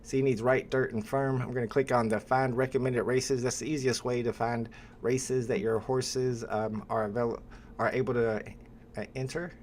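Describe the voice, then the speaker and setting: A man hosting a live stream, chatting casually with viewers and pausing often with "uh" as he talks. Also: mid-range voice, slight background noise. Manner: relaxed, chatty, with frequent "uh" pauses.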